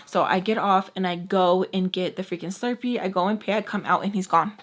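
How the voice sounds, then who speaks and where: A woman telling a personal story in a casual vlog, animated and expressive, often saying "like" and "y'all", swinging from loud bursts to hushed asides. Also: mid-range voice, brisk. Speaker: storytime vlogger.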